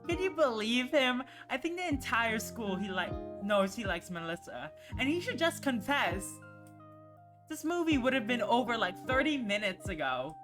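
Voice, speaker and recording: A woman voicing a gentle, playful young male furry character from a visual novel, soft and caring with a teasing edge. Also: on the high side, lively intonation, moderate pace, voice pushed up, lightly acted. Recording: music playing underneath.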